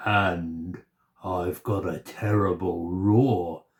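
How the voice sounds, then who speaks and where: A huge hairy monster from a children's storybook, growling in a low, deep voice and drawing out every boast. A man acts him out, keeping the pace slow and heavy. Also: fairly even intonation, heavily acted. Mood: menacing.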